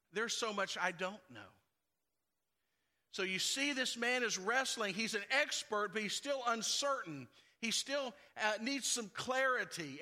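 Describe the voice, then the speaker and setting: Male pastor, high and very bright voice, chatty sermon delivery with playful asides. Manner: conversational preaching with playful asides.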